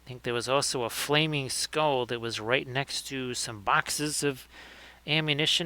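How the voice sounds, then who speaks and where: Bright-sounding guy rambling and joking while he paints minis on stream. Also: medium pitch, fairly even intonation, normal speed. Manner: chatty, jokey, talks through his brushwork. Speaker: livestream host painting miniatures. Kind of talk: casual live commentary.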